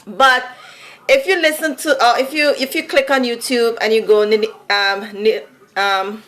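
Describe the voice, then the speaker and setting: A woman's voice: a little high, fairly even intonation, a little slow, fairly bright tone, poor audio. Chatty woman with a Vincentian accent. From Saint Vincent. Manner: chatty, laughs often, musical sing-song delivery. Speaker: vlogger. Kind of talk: casual monologue.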